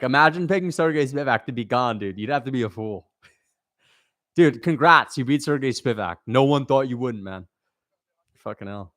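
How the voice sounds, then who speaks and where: A man's voice: mid-range voice, fairly bright tone, dry recording, clean studio sound. A young man hosting a livestream, reacting and reading chat messages, frustrated and swearing, repeating himself as he vents.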